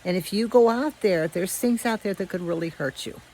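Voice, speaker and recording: A woman's voice: medium pitch, warm tone, a little hiss or hum, lightly acted, rough recording. A woman voicing a caring young boy who earnestly warns his dog in a told story. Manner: slow and earnest.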